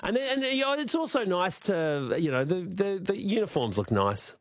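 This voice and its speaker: Australian male comedian, jokey and rambling, lively, highish voice, dry studio sound. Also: normal speed, dry recording. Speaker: comedian guest. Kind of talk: casual radio chat. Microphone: studio microphone.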